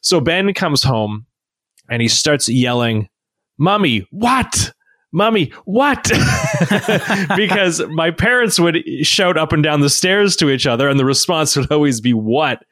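A man in his thirties telling family stories in a casual podcast chat. His pitch leaps up and down as he acts out little quotes. The recording is dry and close, with no room sound. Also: moderate pace, no room sound. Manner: animated storytelling with childlike voiced quotes. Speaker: podcast co-host.

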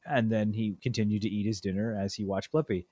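Man in his thirties, casual storyteller, animated, dry close mic. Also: fairly quick, breathy edge, no echo. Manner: animated storyteller, acts out quotes with big pitch jumps. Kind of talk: casual chat.

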